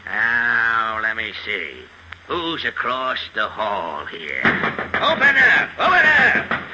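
A man's voice: on the low side, expressive, extremely slow, dull audio. A man voicing a boastful, bumbling police inspector who talks tough and slangy, in 1940s radio comedy style on a noisy old recording. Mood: blustering.

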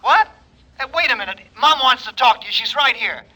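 An actor playing an earnest, friendly young grandson on the phone. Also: male voice, extremely high pitch, animated, fairly quick, pushed and bright, heavily acted, poor audio. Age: young adult.

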